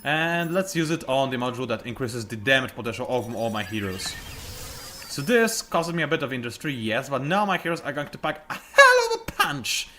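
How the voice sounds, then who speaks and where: A man's voice: medium pitch, bright, forceful tone, a little hiss or hum. A man commenting on a strategy game as he plays it, chatty and explaining each move, often trailing off and restarting sentences. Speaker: let's play commentator. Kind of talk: gameplay commentary. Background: game music.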